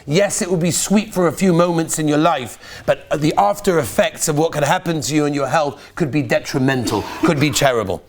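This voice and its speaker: Caring mother, calm and reassuring, told by a man in a lower voice. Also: brisk, hardly any pauses. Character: caring mother calmly reassuring her child.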